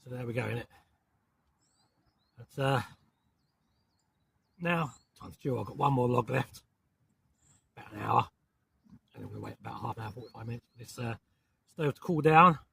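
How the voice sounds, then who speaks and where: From inside a small, hot tent in woodland, a southern English camping vlogger with a southern English accent chats casually to camera, rambling and swearing mildly before apologising. His mid-range voice is creaky, bright, and forceful, delivered at a moderate pace with frequent pauses. There is slight background noise.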